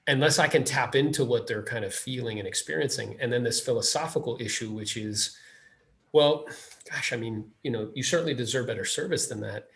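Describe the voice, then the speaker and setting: A man's voice: medium pitch, a little fast, vocal fry. A man hosting a podcast, chatting casually with a guest and acting out the people in his stories. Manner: animated storyteller, acts out quotes. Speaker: podcast host. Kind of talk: casual interview chat.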